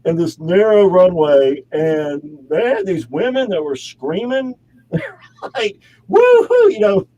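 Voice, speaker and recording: A man's voice: high-pitched, expressive, slow pace, dark tone, highs cut off. Chatty man telling rambling stories. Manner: rambling, chatty storytelling with frequent laughs. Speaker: actor and model, guest. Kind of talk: casual interview chat. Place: home studio.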